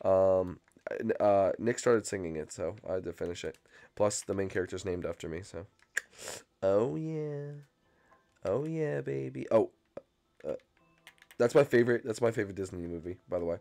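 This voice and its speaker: A young man doing excited, frantic gameplay commentary as a channel host, often yelping and screaming when chased. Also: deep voice, brisk.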